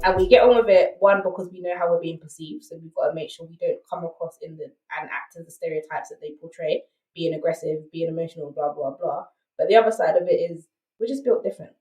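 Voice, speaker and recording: A woman's voice: deep voice, fairly even intonation, fast talker, a little mellow, roomy sound, distant mic, faint music behind, low-quality recording. A woman with a South London accent, a podcast guest telling her story candidly and emphatically, often checking in with "right?". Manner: emphatic, rhetorical asides like "right?".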